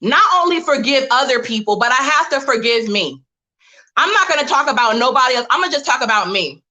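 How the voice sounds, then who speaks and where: A woman with a bright, slightly high voice gives a motivational talk to a live online audience. She tells personal stories in a direct, lively way and speaks straight to her listeners as "y'all." She talks into a webcam or phone mic on a live stream. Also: brisk.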